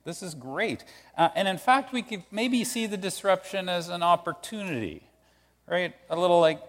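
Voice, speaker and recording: A man preaching a sermon as pastor in a conversational, animated way, acting out quoted voices. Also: fairly high pitch, moderate pace, big-room sound.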